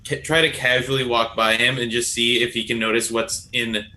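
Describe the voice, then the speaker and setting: A man's voice: medium pitch, level tone, normal speed, sharp tone, poor audio. A man playing a tabletop game, describing his character's actions. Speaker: player.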